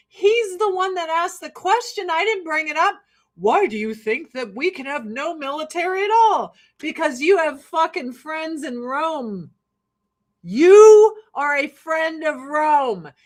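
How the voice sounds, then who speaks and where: American woman, 40s, brash, profane, laughs a lot, slightly high voice, get-ready-with-me chat. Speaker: vlogger.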